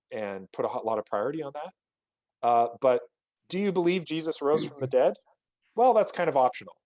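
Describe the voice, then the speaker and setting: A man delivers a virtual lecture on research results in an explanatory, conversational way, often restarting his phrases. His voice sits at a middle pitch and is recorded close and dry, with no room sound around it. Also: a little mellow, dry recording, rough recording. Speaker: guest lecturer. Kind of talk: virtual talk presenting research.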